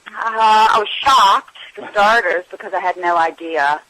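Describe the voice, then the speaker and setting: Interview guest: woman with a bright, clear voice, reflective, trails off mid-thought. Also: mid-range voice, unhurried, a little hiss or hum, rough recording. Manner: trails off, searching for memories. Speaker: actress interviewed about her films. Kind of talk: casual interview reminiscing.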